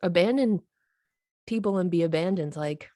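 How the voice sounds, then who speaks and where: A woman with a lowish voice co-hosts a podcast, recorded close and dry. She talks things through thoughtfully and acts out what others said to her. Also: normal speed, dark tone, no room sound. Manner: thoughtful, quotes others animatedly. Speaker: podcast co-host. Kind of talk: casual conversation.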